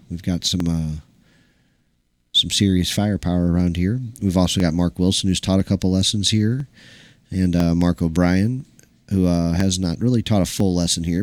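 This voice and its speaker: A man's voice: sits low, a little mellow. A man who runs a small pool club, telling a story in loose, chatty talk full of fillers and the odd swear word. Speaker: pool hall owner and stream host. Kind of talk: casual rambling storytelling. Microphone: live stream mic. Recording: crowd noise of a pool hall. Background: chatter of pool players.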